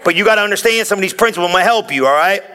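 A man preaching a sermon as pastor, in an energetic, folksy, conversational way, joking with the congregation and shouting out punchlines. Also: sits high, racing.

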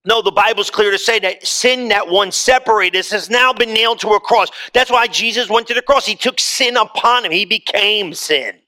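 Bright-voiced, high-pitched male preacher. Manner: impassioned preaching with repeated phrases and sudden drops to a low, slow voice. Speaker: pastor. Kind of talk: sermon.

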